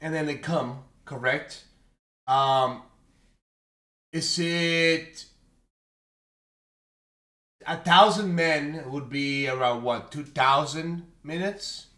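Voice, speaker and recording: A man streaming casual reaction commentary on short clips, excitable, swearing and laughing often. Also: a little high, drawn-out words, long pauses, reverberant.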